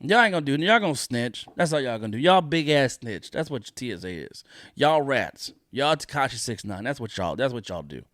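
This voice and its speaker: A man on a solo podcast, venting in a heated, profane rant that circles back on the same points again and again. His voice sits at an ordinary middle pitch, and the sound is close and dry, with no room around it. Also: big pitch swings, brisk, fairly bright tone, no echo. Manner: profane, indignant, repeats his points for emphasis. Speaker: podcast host.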